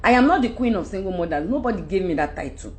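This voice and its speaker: A middle-aged woman with a Nigerian accent, ranting unscripted into her phone on a live stream, preachy and animated with loud outbursts. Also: medium pitch, fast. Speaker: livestream host.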